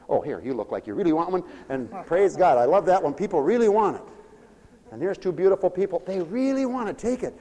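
Fervent high-voiced preacher in a big hall. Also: male voice, lively intonation. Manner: swings from quiet asides to fervent shouting, drawn-out proclamations. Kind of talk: sermon. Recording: long reverb of a large hall.

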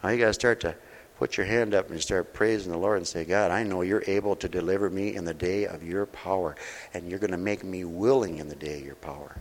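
A man preaching a sermon at a mission, folksy and direct, asking his listeners questions, his voice swinging between loud preaching and soft, close talk. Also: deep voice, fairly even intonation, brisk, in a large hall. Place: mission hall.

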